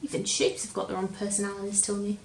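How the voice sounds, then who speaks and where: A woman reading a picture book aloud to a child, slowly and gently, stopping to ask him questions. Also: medium pitch, completely flat delivery, creaky. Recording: roomy echo, faint hum.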